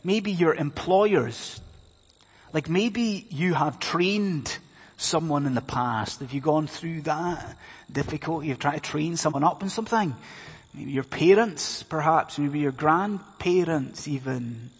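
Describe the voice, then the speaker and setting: A man's voice: a little high, slow, slightly rough. A man preaching a sermon, speaking emphatically and asking the congregation many rhetorical questions. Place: church hall. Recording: reverberant hall sound.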